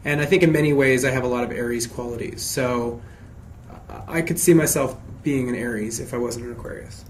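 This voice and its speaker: A man with a mid-range voice talks through fan questions in an easygoing, casual Q&A. He reads each question aloud, then answers in an expressive, chatty way that often circles back and restarts. A faint hum sits under his voice. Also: medium pitch, fairly quick.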